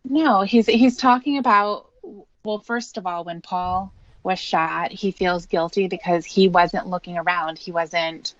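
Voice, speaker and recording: Woman reading aloud, steady and plain, low voice, dry and slightly dull recording. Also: unhurried, no echo. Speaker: co-host reading the book. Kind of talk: reading aloud and casual chat.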